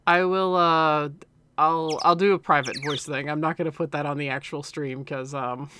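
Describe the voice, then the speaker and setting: A woman's voice: deep voice, steady tone, moderate pace, bright, forceful tone, a little hiss or hum. Giggly, apologetic woman streamer. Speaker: co-host playing a game. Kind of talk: casual gameplay chat and voice acting.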